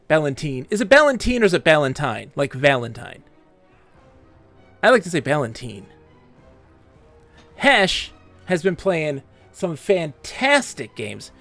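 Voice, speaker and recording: A man live-streaming a game, chatting casually with viewers and telling animated stories. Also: fairly high pitch. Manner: animated storytelling, acts out quoted players. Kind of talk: casual live-stream chat while gaming.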